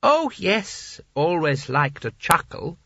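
A man voicing a giddy elderly male ruler in a high, drawn-out voice for an audiobook. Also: sing-song, vocal fry, sharp tone, slightly rough, no echo, heavily acted. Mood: gleeful. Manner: high, gleeful, drawn-out delivery. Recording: dull dry audiobook recording.

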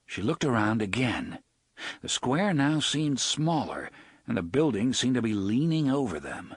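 Man, audiobook narration, expressive, husky voice, dry booth sound. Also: mid-range voice, a little slow, dry recording. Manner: expressive storytelling reading. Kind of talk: scripted narration.

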